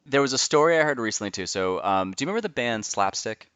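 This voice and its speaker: A man's voice: mid-range voice, expressive, fast talker, a bit bright, clean tone, dry recording. A man hosting a podcast, telling a long rambling story in casual chat and swearing freely. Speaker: podcast host.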